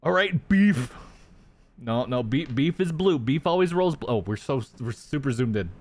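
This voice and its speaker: A man's voice: medium pitch, normal speed. A young man streaming a tabletop game, chatting casually and ranting with lots of swearing. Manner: animated, profane ranting to chat. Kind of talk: casual livestream chat.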